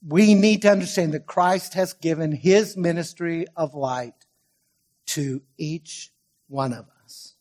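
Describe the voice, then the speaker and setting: High-voiced man preaching emphatically. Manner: emphatic, swings from loud stresses to quiet asides; stretches key words slowly for weight. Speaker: pastor. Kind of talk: sermon.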